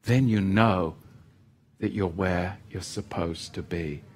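A man preaching a sermon, animated and asking his congregation rhetorical questions, swinging between loud exhortation and hushed asides. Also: low-pitched, takes it slowly.

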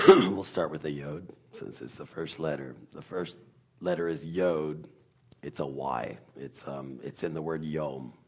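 Very deep-voiced man explaining letter sounds. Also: steady tone, darkish tone, breathy edge. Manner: halting, searches for words with many fillers; sounds out letters slowly to demonstrate. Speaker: guest teacher of Hebrew. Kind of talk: casual explanatory talk.

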